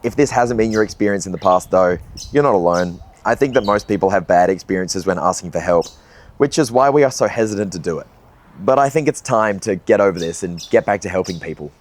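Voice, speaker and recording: A young man with a fairly low voice talks to his viewers in a relaxed, conversational way. His tone is earnest and reflective, and he sometimes drops in a casual swear word. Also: a little fast. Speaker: video essayist. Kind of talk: reflective vlog monologue.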